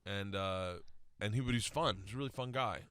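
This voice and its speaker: A man's voice: fairly low pitch, fast, a bit bright, smooth, no room sound, clean studio sound. A man in his forties, a guest comedian, rambling through an anecdote in casual chat. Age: 40s.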